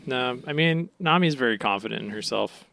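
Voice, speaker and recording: Co-host, man, gravelly fry-tinged voice, dry studio sound, easygoing. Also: medium pitch, expressive, a little fast, pushed and bright, no room sound. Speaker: podcast co-host. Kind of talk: casual chat.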